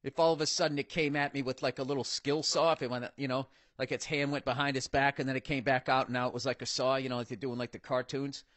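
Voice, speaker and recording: A man's voice: mid-range voice, little pitch movement, fast talker, hardly any pauses, a bit bright, dry recording. A middle-aged American man hosting a podcast, ranting profanely through a comic monologue and mocking people in put-on voices. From United States. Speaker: podcast host. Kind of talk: comedic monologue rant.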